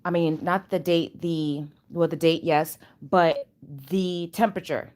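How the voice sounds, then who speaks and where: A woman chatting at home in a casual spiritual vlog, animated and rambling, with loose slangy talk. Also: fairly low pitch, unhurried. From Chicago area. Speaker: channel host.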